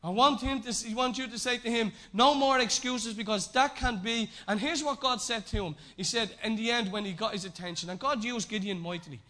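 A man preaching a sermon in a conversational way, swinging between raised, emphatic lines and hushed, low repetitions. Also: quick pace, hardly any pauses.

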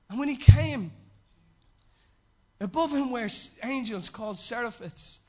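A man preaching a sermon in a conversational way, swinging between raised, emphatic lines and hushed, low repetitions. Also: expressive, unhurried, long pauses.

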